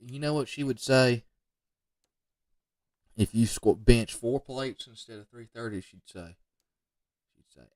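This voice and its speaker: A man commenting off the cuff on football highlight film, rambling into joking asides and talking straight to the players. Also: a little slow, pauses often, a little mellow, no echo, studio quality, distant mic. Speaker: football recruiting video reviewer.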